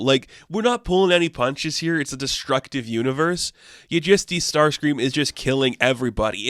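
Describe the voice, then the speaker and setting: A man's voice: medium pitch, a bit bright, dry recording, clean studio sound. A man casually recapping a comic book, rambling with lots of fillers and briefly acting out the characters' lines.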